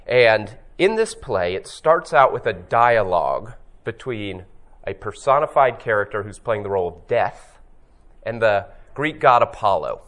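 A man's voice: fairly low pitch, lively intonation, a bit bright. Reflective male Bible teacher. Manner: reflective, storytelling, slows to stress key phrases. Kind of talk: teaching talk on scripture.

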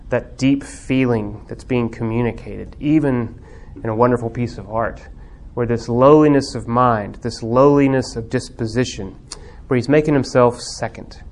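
A man's mid-range voice, a little mellow, guides a Bible class on theology and religious art. His delivery is reflective and full of pauses and fillers until it swells into fervent emphasis.

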